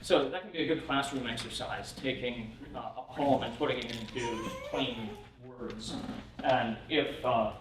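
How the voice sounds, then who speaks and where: A man's voice: medium pitch, unhurried. Man, workshop lecturer, casual and chuckling, lots of fillers, distant mic, echoey room. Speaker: pastor teaching a workshop. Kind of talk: conference lecture. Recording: roomy hall from a distant mic.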